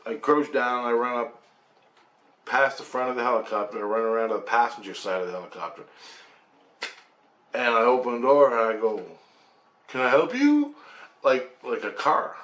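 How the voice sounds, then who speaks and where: A man from Canada telling a personal story in a casual, animated way, mimicking rotor sounds, swearing and laughing as he goes. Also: medium pitch. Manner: animated, imitates rotor sounds and acts out quoted voices.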